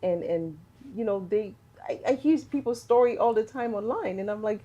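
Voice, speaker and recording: A woman's voice: mid-range voice, animated, normal speed, warm tone, muffled recording. A middle-aged woman from Haiti, a business owner and podcast guest, speaking earnestly and repeating words for emphasis. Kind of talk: casual podcast conversation.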